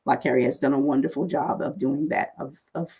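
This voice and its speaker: Woman guest, husky voice, earnest church-style encouragement. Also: extremely low pitch, fairly even intonation, a little fast, mellow. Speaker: guest speaker. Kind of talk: casual chat.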